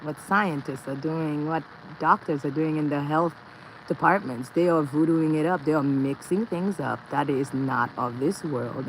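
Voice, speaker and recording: A woman's voice: low voice, a little mellow, a little hiss or hum, low-quality recording. A woman livestreaming, drifting through earnest spiritual musings and repeating her phrases as she answers viewer comments.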